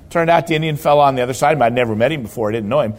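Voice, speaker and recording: A pastor preaches a sermon in a mid-range, rapid-fire voice. He tells stories with emphasis and hammers his key words by repeating them.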